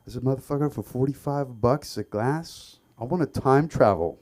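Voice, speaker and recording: A man from the Middle East performing an open mic stand-up set, with lots of ums and bursts of loud shouting. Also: medium pitch, normal speed. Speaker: stand-up comedian. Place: comedy club stage.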